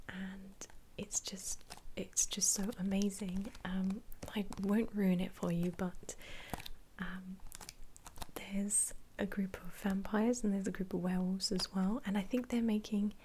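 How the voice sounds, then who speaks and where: A young woman, an ASMR creator, whispering casually about her favourite films, giggling often and pausing on ums. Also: medium pitch, little pitch movement, warm tone, slight background noise. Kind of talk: whispered ASMR film chat.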